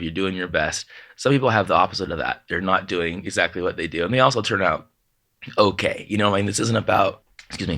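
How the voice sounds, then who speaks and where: A man with a very low yet bright, forward voice tells stories about his family and loss. He speaks in a heartfelt, halting way, with many restarts, and often slips into quoting his parents. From Southern California. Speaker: podcast guest, author. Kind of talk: emotional personal storytelling.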